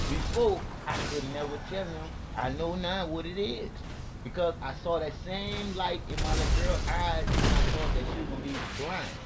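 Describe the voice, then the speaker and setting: Profane rambling man over loud sirens. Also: fairly high pitch. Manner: repetitive, profane, emphatic, preachy. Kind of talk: casual rambling monologue. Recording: loud traffic and sirens behind.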